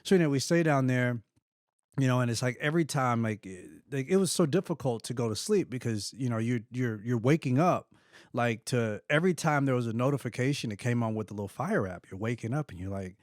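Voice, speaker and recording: An animated middle-aged man tells a personal story, his mid-range voice jumping up when he acts out what people said. The sound is close and dry, with no room around it. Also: mid-range voice, brisk, no echo. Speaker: host.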